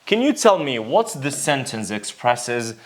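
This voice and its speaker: A Kurdish-accented male English teacher walks through exam questions at an even, unhurried pace. His pitch rises and falls a lot as he poses questions to the class and then answers them himself. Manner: explains patiently, often asking and answering his own questions. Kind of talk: recorded exam-prep lesson.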